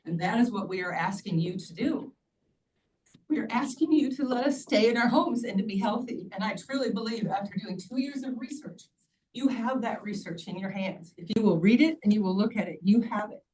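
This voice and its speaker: A woman's voice: medium pitch, brisk, darkish tone. Earnest woman pleading at a hearing. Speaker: public commenter. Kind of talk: public hearing testimony. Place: county meeting room. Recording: distant mic, faint background noise.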